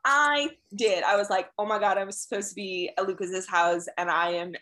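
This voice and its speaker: A young woman co-hosting a podcast, chatting casually and telling stories with lots of fillers and animated asides. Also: mid-range voice, moderate pace, low-quality recording. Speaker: podcast co-host. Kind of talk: casual chat.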